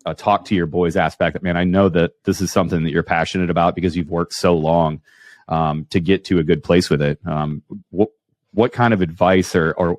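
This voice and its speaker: A man with a very low voice hosts a casual podcast and tells animated stories full of restarts. He speaks into a close microphone, and the sound is dry and dead. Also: no room sound. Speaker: podcast host. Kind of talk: casual storytelling interview.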